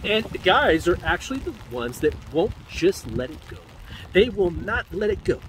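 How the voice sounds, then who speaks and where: A man's voice: high voice, big pitch swings, moderate pace, fairly bright tone, slight background noise. A man rambling animatedly in a preachy commentary vlog, talking to a handheld phone while walking outdoors on a street. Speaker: vlogger and men's dating commentator.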